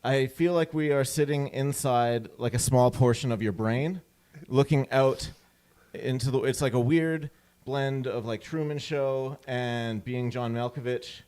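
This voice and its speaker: A man's voice: mid-range voice, unhurried, darkish tone, clear, resonant tone. A man appearing as a guest on a live stage show, teasing the host in a dry way. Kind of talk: casual chat.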